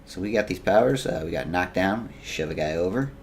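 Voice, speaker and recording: A man's voice: sits low, expressive, a little fast, a little hiss or hum. A man giving joking let's play commentary, reading game text aloud with self-mocking asides. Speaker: gaming YouTuber.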